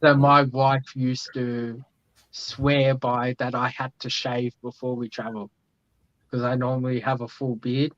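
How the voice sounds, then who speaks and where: A man hosting a casual chat, speaking in a measured, matter-of-fact way. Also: medium pitch, little pitch movement, no echo. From Australia. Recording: dull, dry lo-fi audio.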